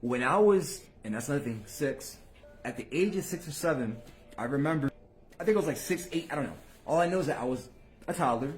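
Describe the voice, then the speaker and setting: A man hosting his own channel, talking casually to viewers in street slang. He swears freely and swings between low mutters and loud bursts. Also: lively intonation, brisk, soft background music. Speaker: channel host.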